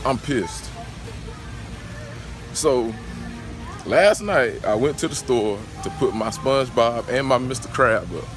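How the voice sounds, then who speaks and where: A man's voice: mid-range voice, animated, slow pace, long pauses, over music. A man with a Southern US accent ranting in a casual sneaker vlog from his car, agitated, slangy and profane. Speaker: sneaker vlogger.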